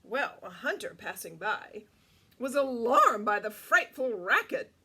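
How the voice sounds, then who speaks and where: A woman storyteller reading a picture book aloud to children, animated and asking them questions. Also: fairly high pitch, measured pace, husky.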